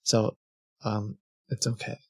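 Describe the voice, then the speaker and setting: A man's voice: slow, darkish tone, no room sound, studio quality. A young man chatting casually on a stream, rambling and correcting himself as he goes. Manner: rambling, self-correcting with restarts and short laughs. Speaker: scam-baiting streamer.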